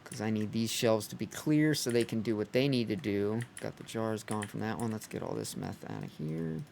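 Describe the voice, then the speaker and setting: A low-pitched man streaming a game, ranting angrily and swearing freely. His pitch swings widely as he mocks people he disagrees with. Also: expressive, moderate pace, gravelly, darkish tone, slight background noise. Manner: profane, heated ranting with mocking voices. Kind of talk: live-stream rant while gaming.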